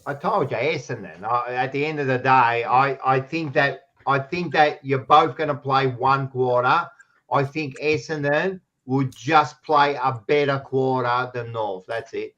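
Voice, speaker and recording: A man's voice: medium pitch, unhurried, fairly bright tone, dull audio. An Australian man co-hosting a casual sports chat show, blunt and teasing, swearing freely. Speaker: co-host. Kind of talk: casual banter.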